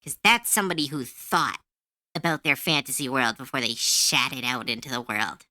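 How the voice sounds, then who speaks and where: A woman's voice: rumbling low, normal speed, sharp tone, no echo, clean studio sound. A woman streamer chatting casually while she draws, ranting heatedly and swearing freely. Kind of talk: casual livestream chat while drawing. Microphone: close to a desk mic.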